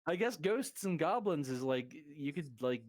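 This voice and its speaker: Player dude rambling a bit, lively up and down voice, dry sound. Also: male voice, a little high, normal speed, no room sound. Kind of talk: casual chat.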